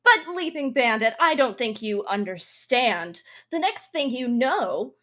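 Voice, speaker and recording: A woman's voice: fairly high pitch, very animated, a little slow, fairly bright tone. A woman playing a cocky acrobatic superstar wrestler, taunting her rival in rambling improvised trash talk.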